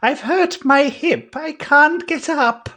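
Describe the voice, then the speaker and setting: A frail old man who has fallen and hurt his hip, crying out for help in a high, strained, wavering voice, as a game master puts him on. His cries climb far above the speaker's usual register and carry across an alley. He is a small tabletop-game figure, pleading and helpless. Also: slow, sharp tone, exaggerated voice. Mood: pained.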